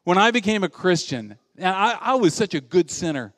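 Animated, higher-voiced male pastor preaching. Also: moderate pace, dry recording, clean studio sound, in a large hall. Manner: animated storytelling, acts out quoted voices; humorous, self-deprecating asides. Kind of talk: sermon.

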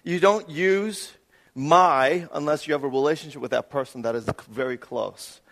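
A man preaching a sermon as pastor, swinging between loud emphatic stretches and soft hushed ones. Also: a little high, normal speed, long reverb tail.

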